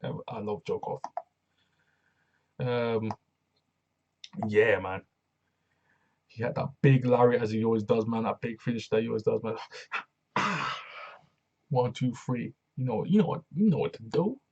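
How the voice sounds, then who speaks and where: A man casually reviewing a wrestling show alone, slangy and excitable, often repeating himself. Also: medium pitch, unhurried, long pauses, muffled recording.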